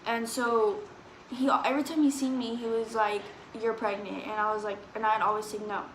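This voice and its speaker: A woman's voice: on the high side, fairly even intonation, moderate pace. A woman, chatting through a story and quoting people as she goes. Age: 20s. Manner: rambling, quotes people with "I was like". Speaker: vlogger. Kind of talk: storytime chat. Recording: echoey room with background noise.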